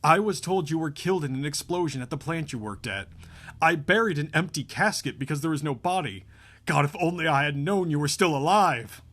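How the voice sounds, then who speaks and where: A man's voice: fairly high pitch, expressive, brisk, a bit bright, voice pushed up. A man reading the part of a young woman who is guarded and wounded, his voice lifted slightly. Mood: pained.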